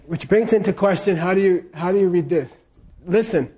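A man's voice: high voice, a little fast, hardly any pauses, mellow, slightly rough. A man teaching a class on scripture, leading the students in repeating lines and checking in with them again and again. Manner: leads call-and-response repetition.

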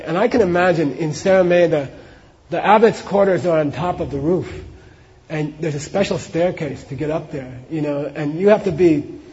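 A man gives a dharma talk, telling a story casually and checking in with his listeners. His voice is a bit high, and the recording is dull and muffled with long hall reverb. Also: mellow. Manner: casual, many asides like "you know" and "okay". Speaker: Buddhist teacher.

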